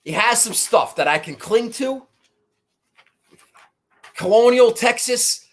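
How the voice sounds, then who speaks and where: A man with a notably high-pitched voice runs through his golf betting picks in loose, rambling chat. He swears freely and mocks himself as he goes. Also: lively intonation, slow pace. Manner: profane, rambling, self-mocking. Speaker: golf betting podcast host. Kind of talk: casual chat.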